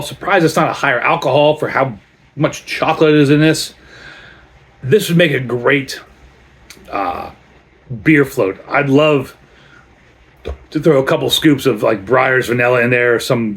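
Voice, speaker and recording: A man's voice: mid-range voice, moderate pace. A man reviewing a beer in a casual vlog, chatty and rambling as he tells stories between sips.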